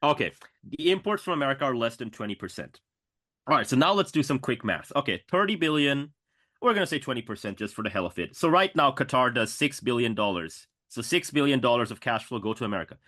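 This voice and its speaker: A man's voice: mid-range voice, sing-song, fast talker, sharp tone. A man co-hosting a casual political podcast, quizzing his guests and ranting with exasperated profanity. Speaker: podcast co-host.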